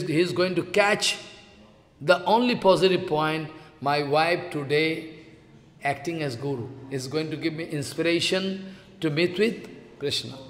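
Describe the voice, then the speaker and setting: A man's voice: on the high side, fairly bright tone. Man preaching in an echoey hall. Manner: halting, repeats phrases. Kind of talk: devotional storytelling sermon. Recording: echoey hall with long reverb.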